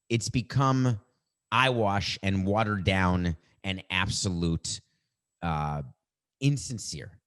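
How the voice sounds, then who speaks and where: A middle-aged man hosting a sports show, delivering an opinionated monologue in an emphatic, wry way and drawing out words for effect. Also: on the low side. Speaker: sports podcast host.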